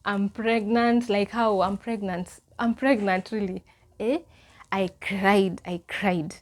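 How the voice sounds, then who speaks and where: A young Kenyan woman with a Kenyan accent telling a personal story in a casual, animated way, slipping Swahili phrases into her English. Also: medium pitch, slow. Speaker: vlogger.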